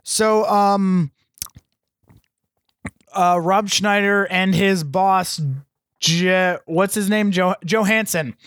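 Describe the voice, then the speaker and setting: High-voiced man recapping a movie. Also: steady tone, drawn-out words, pauses often, fairly bright tone, clear, resonant tone, no room sound, studio quality. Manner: rambling recaps with mocking quoted lines. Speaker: podcast co-host. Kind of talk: casual movie review chat.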